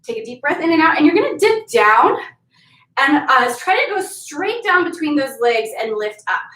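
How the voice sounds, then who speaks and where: A high-voiced woman fitness instructor who leads a class, telling a folktale between upbeat counts. She sounds roomy and sits some distance from the microphone. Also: very animated, normal speed, a bit bright. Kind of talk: workout class told as a story.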